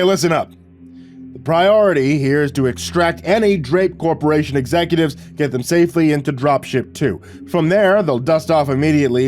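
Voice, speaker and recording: A man's voice: a little high, a little mellow, voice pushed up, natural voice. A man voicing a domineering, sneering military commander who barks orders and mocks. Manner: barking orders, mocking.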